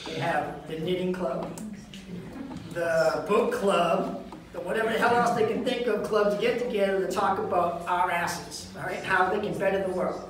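A man's voice: high voice, moderate pace, recorded from a distance. Man, brash stand-up comic, echoey venue, recorded from afar, faint room hum. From Lynn, Massachusetts. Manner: brash, profane storytelling. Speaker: stand-up comedian. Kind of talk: stand-up comedy set. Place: live comedy venue.

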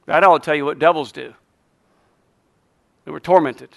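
A man pastor preaching a fiery sermon in a church, his voice high and bright. He leads the crowd in call-and-response and drops joking asides, with a dry sound close to the mic. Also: moderate pace, gravelly, no echo.

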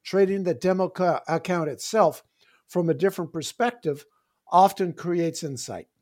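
Male coach guest, lively, acts out sessions, slightly high register. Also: normal speed. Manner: animated, demonstrative, acts out coaching dialogue. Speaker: trading psychology coach. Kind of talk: round-table podcast discussion.

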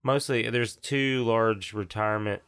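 A man's voice: fairly low pitch, fairly even intonation, unhurried, a bit bright, clean tone, dry recording, studio quality. A man from Tennessee, a comedian guest chatting casually and telling stories in a laid-back way. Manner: laid-back storytelling, jokes with big voiced bits. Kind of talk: casual chat.

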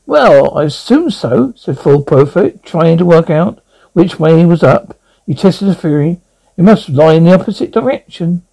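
A man's voice: on the high side, normal speed, vocal fry, warm tone, rough recording. A man reading a novel aloud as narrator, often tripping over words and correcting himself. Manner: stumbling, corrects misreadings. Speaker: audiobook reader. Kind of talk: storybook narration.

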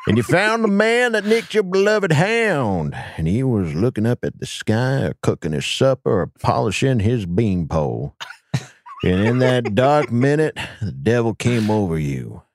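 A man putting on a creepy, slow, folksy storyteller drawl to read out a listener's question. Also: medium pitch, lively intonation. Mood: ominous drawl. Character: creepy drawling old-time male storyteller. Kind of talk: dramatic reading.

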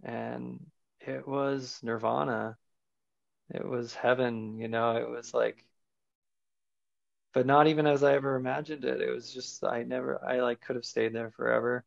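Gravelly and mid-range, with little pitch movement and a measured pace, his voice carries no room sound on a dull lo-fi recording. He's a podcast guest earnestly and searchingly recounting a personal experience, loose with fillers.

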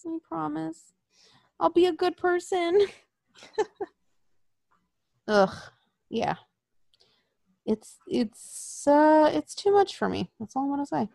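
Female co-host, high voice, loose profane storyteller, dry room. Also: slow pace, vocal fry, long pauses, no echo. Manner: profane, rambling and animated storytelling. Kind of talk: casual chat.

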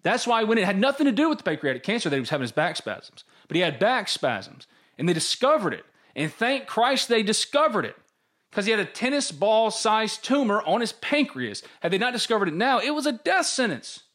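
Speaking a little fast in a high voice, a sports podcast co-host tells stories candidly and with plenty of animation. The show is casual, and he voices his own inner thoughts as quotes.

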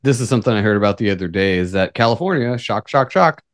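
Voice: deep voice, rapid-fire, no echo. Co-host, casual chat, wry asides, dry close sound. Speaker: podcast co-host.

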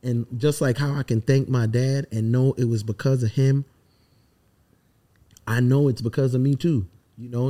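A man's voice: mid-range voice, warm tone. Emphatic heartfelt man talking candidly. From US Virgin Islands. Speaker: songwriter guest. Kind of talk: casual podcast interview.

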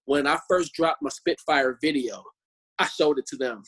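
A man, a Christian musician, telling stories in a casual chat, animated and fond of repeating words. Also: a little high, moderate pace, husky. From born in Chicago, raised in Omaha. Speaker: Christian musician and street preacher.

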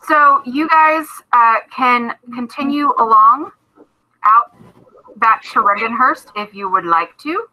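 A woman's voice: fairly high pitch, lively intonation, slow pace, sharp tone, low-quality recording. A woman narrating a tabletop game as game master, chatty, with many fillers and restarts.

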